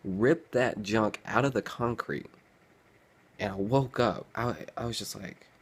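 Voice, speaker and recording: Young male vlogger, lowish voice, loose and rambling storyteller who acts out scenes. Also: unhurried, slight background noise. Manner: rambling, animated, acts out his past self with groans and sighs. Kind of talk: casual storytelling.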